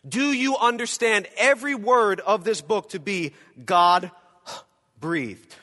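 A male pastor preaches with a high, bright voice that has a ringing edge. He swings from loud to hushed as he acts out imagined voices. His words trail off into a long hall reverb from the church around him. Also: slow. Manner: dramatic, acting out quoted voices, swings from loud to quiet. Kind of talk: sermon.

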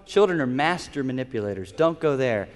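A man's voice: medium pitch, lively intonation, brisk. A man preaching a sermon as a pastor, earnest and instructive, leading into prayer. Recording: long hall reverb.

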